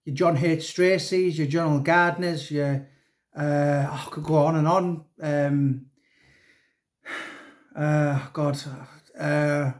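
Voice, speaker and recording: A man's voice: a little high, little pitch movement, slow, pauses often. A man talking casually about his new book, rambling and chatty, with many restarts and fillers. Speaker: author. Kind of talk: casual chat.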